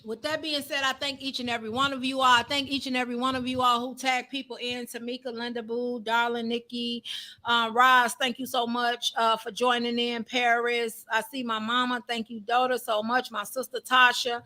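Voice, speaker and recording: A woman's voice: fairly high pitch, level tone, normal speed, bright, forceful tone. A woman preaching a live-streamed sermon in a fervent, repetitive, conversational way.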